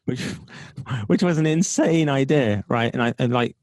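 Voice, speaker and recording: Brief: man at mid pitch, lively storyteller who acts out conversations, dry close sound. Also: a little slow, no echo. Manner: animated, acts out quoted dialogue, laughs often. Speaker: podcast guest, entrepreneur. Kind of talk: storytelling in a casual interview.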